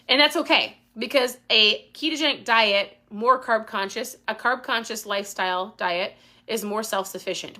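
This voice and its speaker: A woman's voice: on the high side, sharp tone. A woman hosting a casual live Q&A, talking with intensity and getting worked up. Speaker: host.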